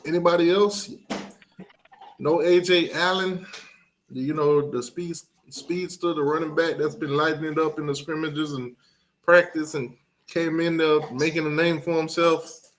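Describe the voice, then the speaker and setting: A man's voice: fairly high pitch, a little slow, a little hiss or hum. Laid-back man hosting a sports stream. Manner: relaxed, musing, lots of ums, reads out chat picks. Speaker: live stream host. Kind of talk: casual sports talk stream.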